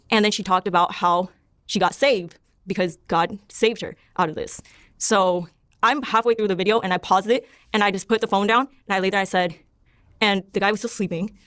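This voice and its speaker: A woman's voice: medium pitch, fairly bright tone, no echo, clean studio sound. A young woman from Panama, a podcast guest, telling her personal testimony in a rambling way, leaning on "like" and quoting herself. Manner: rambling, heavy use of "like", self-quoting.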